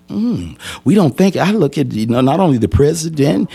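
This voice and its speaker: An older man in his sixties preaching a sermon, reading scripture slowly and calling out to the congregation. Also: mid-range voice, sing-song, vocal fry, dark tone, slightly rough. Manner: call-and-response preaching, drawn-out scripture reading.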